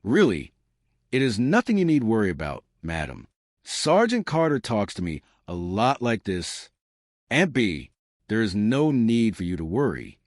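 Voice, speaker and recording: A good-natured young Marine private answers politely and earnestly, as a man narrating the story puts him on. His voice is low yet animated, close and dry. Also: unhurried, dry recording. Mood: reassuring. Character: gentle, eager young male Marine private.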